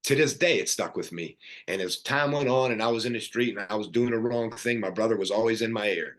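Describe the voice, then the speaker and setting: Earnest low-voiced man telling his story. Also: fast, fairly bright tone. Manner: earnest, rambling, with many fillers and restarts. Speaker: podcast guest. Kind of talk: personal story in casual conversation.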